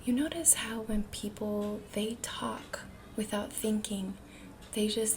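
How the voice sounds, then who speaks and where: Soft-spoken woman, breathy and deliberate. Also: medium pitch, fairly even intonation, a little hiss or hum. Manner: slow, deliberate, often breathy and near-whispered; demonstrates different ways of speaking. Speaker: self-help vlogger. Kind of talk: motivational self-help talk.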